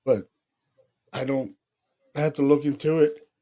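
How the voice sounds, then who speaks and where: A man's voice: medium pitch, steady tone, measured pace, mellow. Man telling ghost stories on a podcast. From Pennsylvania, USA. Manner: loose storytelling, acts out voices he heard, swears casually. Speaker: podcast co-host, paranormal investigator. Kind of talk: casual chat.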